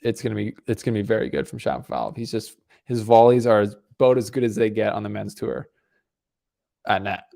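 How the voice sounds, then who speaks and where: Gravelly, low-voiced male stream host. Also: flat delivery, fairly quick, dark tone. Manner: casual, rambling, talks to chat. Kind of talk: live match commentary and chat.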